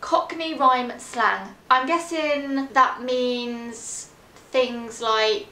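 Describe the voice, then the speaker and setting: Young woman, fashion vlogger, casual chatty delivery, fairly high voice, echoey room. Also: slow, sharp tone. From England. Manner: chatty and self-deprecating, giggly asides. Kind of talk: casual vlog chat.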